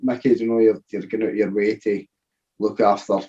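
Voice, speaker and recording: A male podcast host with a warm, mellow voice asks short questions and echoes his guest. The sound is dull and a bit lo-fi. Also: fairly low pitch, flat delivery, normal speed. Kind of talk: casual interview.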